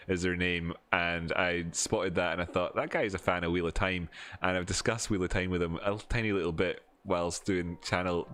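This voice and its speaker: A man with a deep, low voice talks off the cuff on his livestream. His casual chat wanders and doubles back on itself as he restarts sentences mid-thought. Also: a bit bright. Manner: rambling, restarts sentences, chatty aside. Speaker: crypto chart analysis livestream host.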